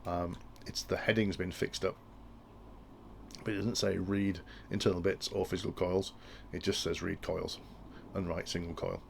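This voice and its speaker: Low-voiced man with gravelly tone. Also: little pitch movement, moderate pace, slight background noise. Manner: thinking aloud with frequent restarts. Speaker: instructor explaining industrial control. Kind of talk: technical tutorial walkthrough.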